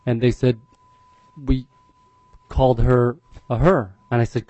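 A man's voice: medium pitch, fairly even intonation, darkish tone, dry recording. A man giving public testimony as a parent, earnest and openly emotional, stumbling over repeated words. The sound is dry and a little dull, without sparkle. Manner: earnest, emotional, halting repetitions. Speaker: parent testifying at a legislative hearing.

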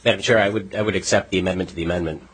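A man, a state representative, moving an amendment in a committee hearing, halting as he searches for words. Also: sits low, steady tone, a bit bright, husky.

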